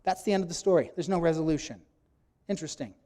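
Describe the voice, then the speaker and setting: Man, preacher, sermon delivery, emphatic, slightly high-pitched, loud acted-out quotes. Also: fast talker. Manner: emphatic, acts out quotes with sudden loud bursts. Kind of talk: sermon teaching.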